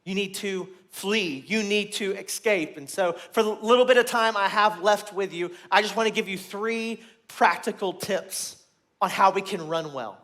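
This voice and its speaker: A man preaching a sermon to a room, earnest and repeating his points, growing loud and emphatic at key moments. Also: high voice, moderate pace. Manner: earnest, repeats phrases, restarts words.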